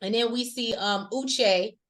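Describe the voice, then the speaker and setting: Woman, casual recap chat, chatty, slangy, lively asides. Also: fairly high pitch, a little slow. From rural American South. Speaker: podcast co-host.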